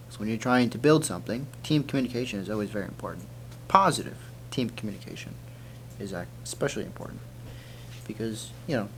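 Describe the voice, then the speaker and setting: A man's voice: mid-range voice, slight background noise. A man giving a mockumentary talking-head interview in an office, rambling and self-assured with lots of fillers. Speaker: office team member.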